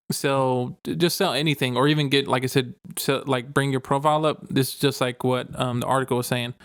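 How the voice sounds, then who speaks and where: A man's voice: mid-range voice, fairly bright tone, smooth, no echo, studio quality. A man co-hosting a podcast in casual chat, laid-back and slangy, laughing often. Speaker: podcast co-host.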